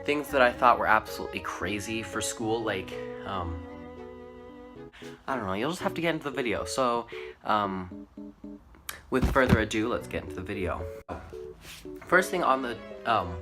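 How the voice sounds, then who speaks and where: A man's voice: on the low side, expressive, moderate pace, long pauses, over music. A teenage boy telling school stories to his channel in a rambling, casual way, full of "like" and "um". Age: teens. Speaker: vlogger. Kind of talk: casual storytelling to camera.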